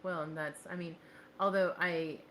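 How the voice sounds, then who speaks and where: A woman's voice: lowish voice, fairly even intonation, normal speed. A woman from the US Midwest with carefully enunciated, voice-trained speech, chatting as a guest. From Indiana, US Midwest. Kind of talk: casual conversation. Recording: noisy background.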